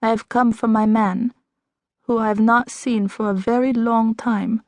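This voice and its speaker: A mysterious young French woman , voiced by a female narrator, speaks in a raised, lilting voice with a French accent. Her English is slow and formal. The recording is dry and close. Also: a little high, fairly even intonation, a little mellow, no room sound, voice pushed up. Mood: calm.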